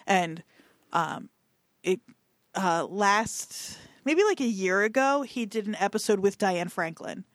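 A woman co-hosting a movie podcast, chatting casually and rambling through asides and fillers. Her pitch sits in an ordinary middle range. The sound is dry and close, with little room around it. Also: expressive, slow pace, no echo. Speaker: podcast co-host. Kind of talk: casual chat.

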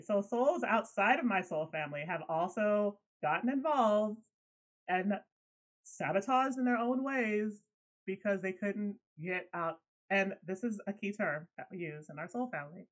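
Animated woman swearing in casual chat. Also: mid-range voice, low-quality recording. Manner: animated, laughs often, swears when riled. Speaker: podcast co-host.

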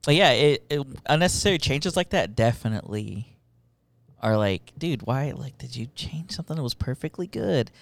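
A blunt co-host on a casual podcast who swears freely. The pitch swings widely from line to line, which keeps the talk lively. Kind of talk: casual chat.

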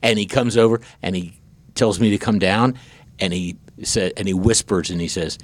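Low-voiced man telling stories haltingly. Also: fairly even intonation, no echo. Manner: halting, many restarts and repeated words. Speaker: podcast host. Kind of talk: casual storytelling chat.

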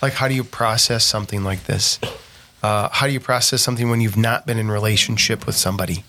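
A man's voice: lowish voice, fast, a little hiss or hum. A man, a pastor co-hosting a radio talk show, chatting casually about a movie and acting out what people said. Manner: animated, quotes people in voices, frequent fillers. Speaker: pastor and co-host.

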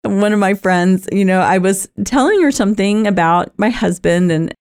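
A woman's voice: medium pitch, moderate pace, darkish tone, clean tone. A middle-aged woman telling personal stories in a chatty, rambling way, often breaking into laughter. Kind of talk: personal storytelling talk.

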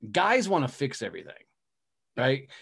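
A man's voice: medium pitch, huge pitch swings, normal speed, vocal fry, a bit bright, breathy edge. A man hosting a podcast interview, talking casually and emphatically and swearing freely. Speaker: podcast host.

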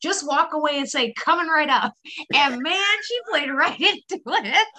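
A woman's voice: high-pitched, expressive, moderate pace, pushed and bright. A woman co-hosting a casual podcast, teasing her friend and giggling as she talks. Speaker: podcast co-host. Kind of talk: casual chat.

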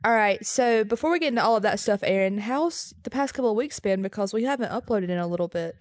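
A woman's voice: mid-range voice, animated, fast, no room sound. A woman in her twenties co-hosting a casual podcast from her bedroom, with a dry, sarcastic manner. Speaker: podcast co-host. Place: sitting on her bed at home.

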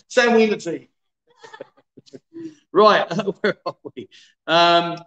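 A chatty host in his fifties, cracking jokes and laughing as he reads viewer comments aloud. His voice sits high and sounds bright and lively. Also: extremely slow, reverberant, highs cut off. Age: 50s. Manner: jokey, laughing, chatty banter. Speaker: livestream host. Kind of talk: casual livestream chat reading viewer comments. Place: bar in a city.

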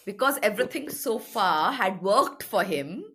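A woman's voice: mid-range voice, expressive, unhurried, bright, forceful tone, breathy edge. A woman co-hosting a podcast, chatting thoughtfully about a film and laughing at her own lines. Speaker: podcast co-host. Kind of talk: casual film discussion.

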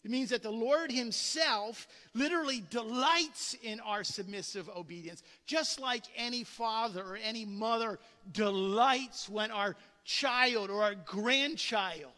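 A man's voice: sits high, unhurried, hardly any pauses, pushed and bright. A male pastor preaching a sermon, emphatic and putting rhetorical questions to his congregation. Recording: long reverb of a large hall.

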